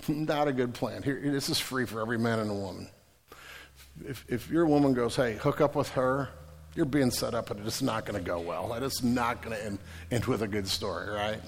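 A man's voice: mid-range voice, moderate pace, gravelly. A male pastor giving a sermon in a casual, joking storytelling way with slang, heard with long reverb from a large hall.

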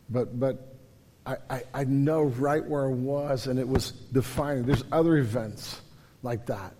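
A pastor with a warm, mid-range voice preaches from a handheld or stage microphone in a church, with big-room sound and a little hiss or hum. His sermon is earnest and emphatic, and he often repeats words as he builds.

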